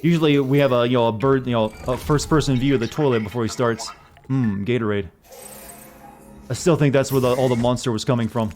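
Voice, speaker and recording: A man's voice: mid-range voice, steady tone, a little fast, a little mellow, soft background music. A man streaming a video game, making joking, irreverent, rambling commentary as he plays. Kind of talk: casual gameplay commentary.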